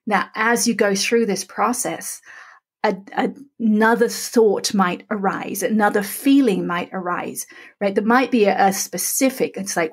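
A middle-aged woman speaks with a husky, slightly breathy tone at a middle pitch. She explains things methodically, step by step, and calmly repeats the practice phrases aloud. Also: measured pace. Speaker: podcast guest. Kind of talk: calm step-by-step instruction.

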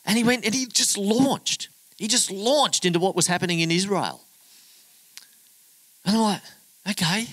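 A man's voice: sits high, moderate pace, long pauses, a bit bright, no room sound, poor audio. A middle-aged man preaching a sermon, telling a story in a chatty, humorous way and acting out the other people's voices. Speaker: pastor.

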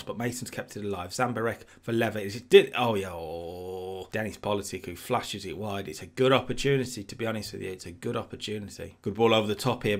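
A man casually commentating his own football management game, rambling and getting excited at big chances. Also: medium pitch. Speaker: gaming commentator.

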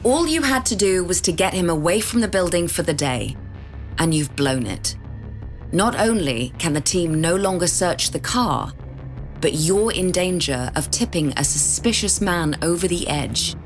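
Female host narrator, scripted, low-pitched, soft music behind. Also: lively intonation, a little slow. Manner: direct address to the listener, posing questions. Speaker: podcast narrator.

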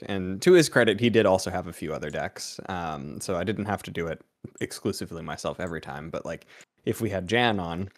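A man's voice: sits low, fairly quick, dry recording, clean studio sound. A man co-hosting a podcast, talking casually and rambling with lots of fillers. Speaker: podcast co-host.

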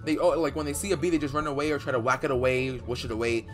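A young man doing dramatic Minecraft role-play commentary, excitable and rambling with fillers, bursting into loud outbursts. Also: medium pitch, very fast. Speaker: YouTuber playing a bee in Minecraft. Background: faint background music.

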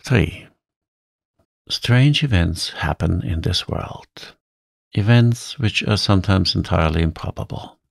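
A man reading a classic story aloud in a calm, soothing bedtime voice. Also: deep voice, slow pace, dry recording, studio quality. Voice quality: soft, soothing, gravelly.

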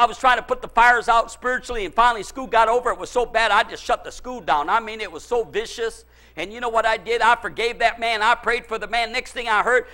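A man's voice: extremely high pitch, sharp tone. A middle-aged male pastor preaching a sermon, emphatic and repetitive as he tells personal stories.

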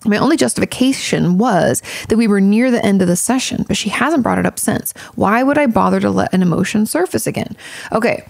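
A woman's voice: medium pitch, animated, a little fast, vocal fry, no room sound. A woman therapist hosting a casual advice podcast, chatty and frank, with plenty of fillers and casual swearing.

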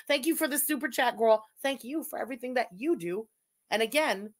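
High-voiced woman mocking a video. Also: animated, unhurried, fairly bright tone. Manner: crude, mocking, bursts into laughter and shrieks. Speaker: streamer commentator. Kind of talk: live-stream reaction commentary.

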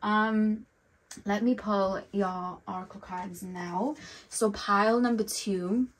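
A woman's voice: medium pitch, fairly even intonation, takes it slowly, a little hiss or hum. A young woman giving a casual tarot reading, talking in a loose, rambling way and often saying "like" and "I feel like". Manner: rambling, heavy use of "like" and "I feel like". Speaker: tarot reader.

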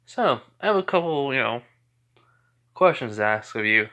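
A man's voice: mid-range voice, expressive, normal speed, sharp tone. A man doing a stern woman leader. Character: stern female leader of a group.

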